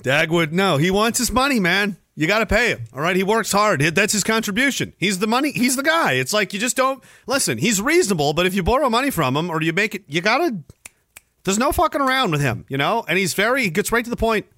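Sarcastic stream host guy, bright swingy voice, swears a lot, rambles. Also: sits high, big pitch swings, quick pace, no room sound, studio quality. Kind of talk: livestream commentary.

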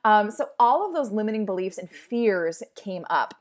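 A woman's voice: medium pitch, animated, normal speed. A woman in her thirties hosting her own podcast, talking candidly and emotionally in a casual, chatty way full of "like"s. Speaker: podcast host. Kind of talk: casual personal podcast monologue.

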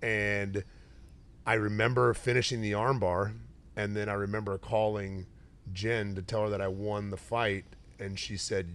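A middle-aged man, a retired fighter hosting a relaxed interview, tells stories in a slightly low voice. He gets animated and acts out the voices of people in his anecdotes. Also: a little slow, smooth. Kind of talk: casual interview chat.

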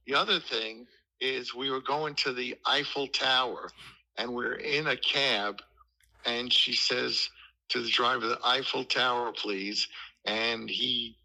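An older man tells animated stories as an interview guest. His voice is bright and forceful, with a gravelly, husky grain. He slips into playful impressions of the people he quotes. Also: medium pitch, slow pace, rough recording. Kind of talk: casual storytelling interview.

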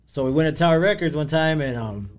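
A man's voice: a little high, animated, fast talker. Easygoing Californian man telling stories. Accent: Southern California. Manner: easygoing, laughs while telling stories, says "you know what I mean". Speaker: podcast guest. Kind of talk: casual storytelling.

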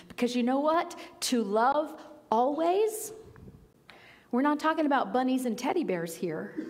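A woman pastor delivers a sermon in a gentle, reflective way. She repeats key phrases for emphasis, her voice sitting a little high. The sound rings out with the long reverb of a large worship hall. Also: expressive, slow.

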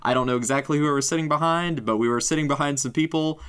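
Musing co-host with a mid-pitched voice. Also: fast, a bit bright, smooth. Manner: musing, laughing, trailing off. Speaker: podcast co-host. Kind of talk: casual chat.

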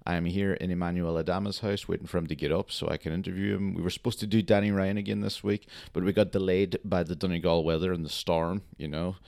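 A man hosting a podcast in casual chat, a bit under the weather, talking in a laid-back monotone and swearing casually, recorded indoors at a friend's house. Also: low-pitched, fast, creaky, hardly any pauses, dry recording, clean studio sound. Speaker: podcast host.

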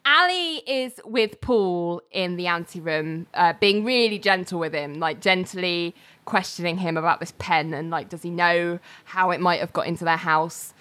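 A woman's voice: lowish voice, normal speed, fairly bright tone. A woman casually recapping a TV episode on a podcast, telling it as a chatty story full of fillers and laughs. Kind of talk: casual chat.

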